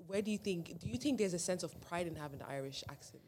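Fast-talking host firing questions. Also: medium pitch, lively intonation, a little mellow. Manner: rapid, probing questions, many "like" fillers. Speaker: podcast host asking questions. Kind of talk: casual group discussion.

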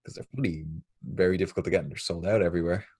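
Brief: man, very low, husky voice, laid-back rambling chat, dry close sound. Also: fairly even intonation, very fast, warm tone, no echo. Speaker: podcast co-host. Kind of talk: casual chat.

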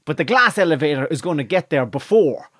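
Man, lively swooping pitch, sweary joke teller, dry close sound. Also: brisk, no echo. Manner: animated, sweary storyteller, breaks into high laughs. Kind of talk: casual comedic chat, joke telling.

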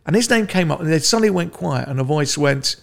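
A man's voice: fairly high pitch, animated, fast, creaky. A middle-aged man, a comedian guest, chatting casually with wry banter. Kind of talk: casual chat.

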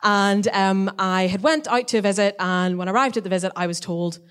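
A woman's voice: mid-range voice, fairly quick, smooth. Chatty young woman telling a story. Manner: chatty, lively storyteller who talks at length. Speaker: guest sharing a testimony. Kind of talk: casual spoken testimony.

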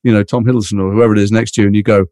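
With a fairly low pitch, this Liverpool-born English actor chats as an interview guest, storytelling in a quick, rambling, animated manner. He has a mixed British accent with gentle Liverpool and London traces. Studio quality, with no room sound.

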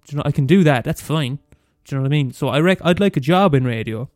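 Irish guy, young, fast mumbly rant, higher voice, dry close sound, faint guitar behind. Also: lively intonation, darkish tone, no echo. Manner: profane, ranting, fast and mumbly. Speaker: podcast host. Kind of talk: casual solo rant.

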